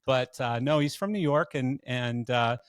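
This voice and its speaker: A Canadian man hosts a podcast in easy, rambling talk, stopping and restarting as he spins his stories. His voice sits at an ordinary middle pitch. The sound is dry and close, with no room around it. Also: unhurried, clean tone, no room sound. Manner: rambling storyteller, lots of fillers and restarts. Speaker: podcast host. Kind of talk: casual interview chat.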